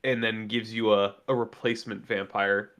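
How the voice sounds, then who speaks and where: A man co-hosting a casual live stream, giving quick, blunt opinions with lots of "like" filler. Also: lowish voice, flat delivery, a bit bright. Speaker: co-host on a livestream.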